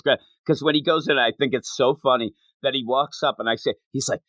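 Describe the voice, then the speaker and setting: A man co-hosting a casual podcast, talking with animated energy and laughing often as he acts out bits. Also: medium pitch, fairly quick, no echo, poor audio. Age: adult, not young. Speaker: podcast co-host.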